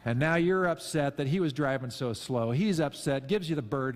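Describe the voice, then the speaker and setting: A man's voice: medium pitch, lively intonation, brisk, few pauses. Conversational male pastor in a reverberant hall. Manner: conversational and self-deprecating, with emphatic rises. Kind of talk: sermon. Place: church sanctuary.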